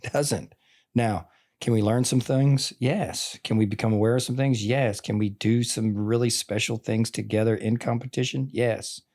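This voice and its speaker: With a medium-pitched, somewhat dark voice that stays steady at a moderate pace, this man in his forties, a longtime teacher and podcast guest, rambles earnestly in casual talk, leaning on "like" and "I mean."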